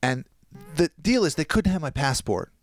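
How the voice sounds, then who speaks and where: A man, a podcast guest, telling a long anecdote in casual chat and quoting people in quick voices. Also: on the high side, sing-song, no room sound.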